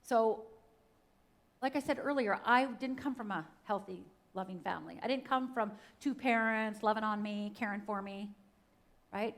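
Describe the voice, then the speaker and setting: A woman's voice: medium pitch, normal speed. A middle-aged woman from Upper Michigan giving a personal testimony talk at a church, speaking straight to the audience and acting out the voices in her story. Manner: dramatic storytelling, acts out quotes, addresses audience directly. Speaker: guest speaker. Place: church stage.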